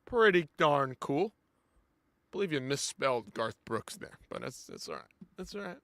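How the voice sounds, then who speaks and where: A man hosting a live post-fight show in casual commentary, animated and chatty, swinging between loud outbursts and quiet asides as he talks to viewers. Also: on the high side, unhurried, no echo.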